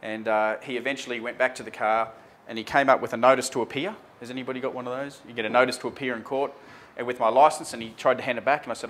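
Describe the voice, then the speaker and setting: Speaking quickly in a mid-range, somewhat bright voice, this man relishes telling the story of a traffic stop. He performs the dialogue conversationally, dropping frequent ums and "mate" along the way, in an animated on-air telling.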